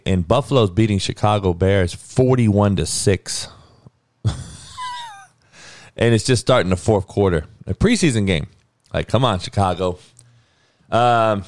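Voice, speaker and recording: A man's voice: deep voice, dry recording, studio quality. A man hosting his own podcast, ranting bluntly and profanely in a heated, casual way. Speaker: podcast host. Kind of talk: casual opinion rant.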